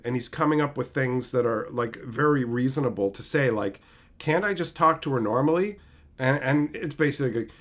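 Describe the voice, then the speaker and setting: A man retelling a show excitedly in a casual live-stream review, reading out chat messages. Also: a little high.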